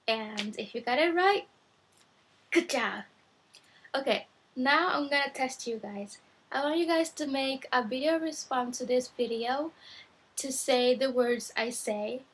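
Chatty woman vlogger, slightly husky voice. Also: high voice, a bit bright, poor audio. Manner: chatty and eager, addressing viewers directly. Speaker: vlogger teaching Japanese. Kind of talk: casual vlog talk to viewers. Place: her bedroom at night.

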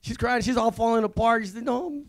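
A man, a visiting pastor, giving a rambling, excitable testimony at a church service, full of restarts. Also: very high-pitched, fairly quick. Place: church sanctuary.

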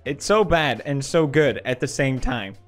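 A man's voice: medium pitch, a little slow, soft background music. A young man hosting comedic meme commentary, goofy and ironic, laughing often. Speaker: host.

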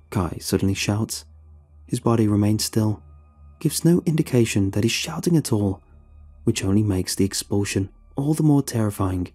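A man narrating a scripted horror story in a slow, measured way. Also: on the low side, lively intonation, warm tone, slightly rough, soft background music.

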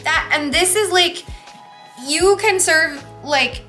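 A woman's voice: very high voice, takes it slowly, bright, forceful tone, faint music behind. A woman hosting a cooking vlog, chatting in a bubbly, enthusiastic way and cheering her viewers on. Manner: bubbly, enthusiastic, upbeat encouragement. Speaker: weight loss cooking vlogger. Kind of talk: casual cooking vlog chat.

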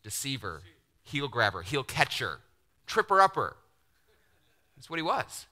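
A middle-aged man preaching a sermon, animated, acting out the voices he quotes and dropping to near-whispers. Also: medium pitch, measured pace. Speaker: pastor.

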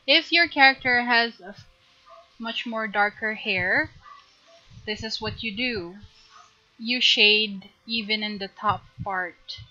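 Bright-voiced giggly woman teaching drawing. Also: on the high side, slow pace, muffled recording. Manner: chatty, giggly, gently coaching. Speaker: art streamer teaching drawing. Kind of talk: live drawing tutorial.

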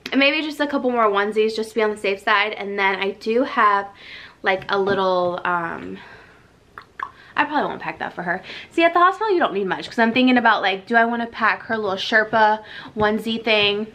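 A woman's voice: medium pitch, brisk, fairly bright tone. A young adult woman vlogging in a casual, chatty way, out of breath, laughing often and filling her talk with "like" and "um". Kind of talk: casual vlog chat.

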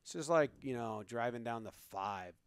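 Lively man thinking aloud, dry close sound. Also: mid-range voice, normal speed, clean tone, dry recording. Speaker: podcast co-host. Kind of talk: casual chat while playing a game.

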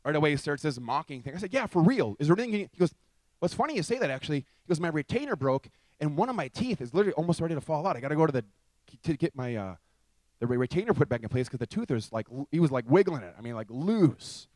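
A man telling a testimony story in a lively way, acting out both sides of the conversations he describes. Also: fairly high pitch, fast talker, dry recording.

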